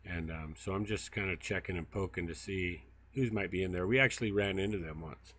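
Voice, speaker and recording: A man with a low, slightly bright voice talks fairly quickly. A field researcher hosting a casual walk-and-talk livestream, he rambles through stories full of fillers while walking through brushy woods by a river.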